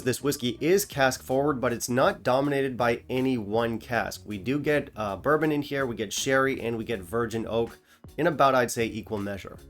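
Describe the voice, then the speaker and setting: A man talking through a whisky tasting review in a chatty, opinionated way, with joking asides. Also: medium pitch. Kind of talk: casual review vlog.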